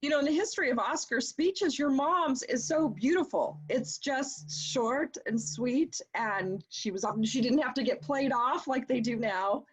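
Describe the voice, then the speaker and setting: A woman with a high voice hosts a casual interview chat. She gushes in short, halting bursts and talks over her guest. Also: slightly rough, rough recording.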